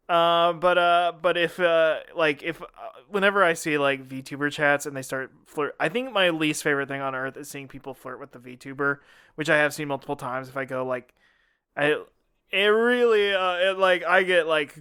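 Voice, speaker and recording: Bright, smooth-voiced laid-back podcast man. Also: on the high side, moderate pace. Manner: laid-back, trailing off, chuckling. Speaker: podcast co-host. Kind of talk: casual chat.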